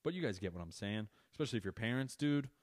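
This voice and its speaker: A man's voice: on the low side, lively intonation, fast talker. A man hosting a podcast, talking casually about being a parent and ranting in an exasperated, profane way. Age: adult parent. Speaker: podcast host. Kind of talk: casual monologue.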